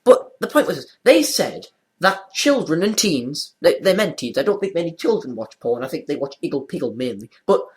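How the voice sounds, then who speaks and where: Teenage boy, joking, rambling, animated pitch, casual podcast banter. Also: moderate pace. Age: teens. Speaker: co-host.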